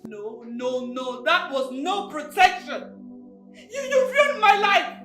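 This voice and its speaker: An anguished, tearful Nigerian wife. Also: female voice, high voice, animated, slow pace, roomy sound, faint music behind, full character voice. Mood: accusing. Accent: Nigerian English. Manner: accusing, tearful, shouting. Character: anguished wife accusing her husband, consumed by guilt.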